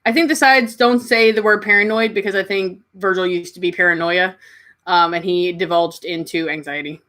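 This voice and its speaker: This woman's lowish voice holds a fairly even intonation at normal speed as she livestreams. Originally from Kentucky, she has a Southern accent, chats casually, warmly answers her viewers and coos at her pets.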